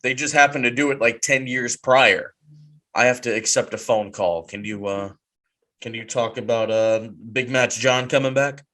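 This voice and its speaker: A man co-hosting a wrestling podcast in casual chat, animated and quick to repeat himself when he gets going. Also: mid-range voice. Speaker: podcast co-host.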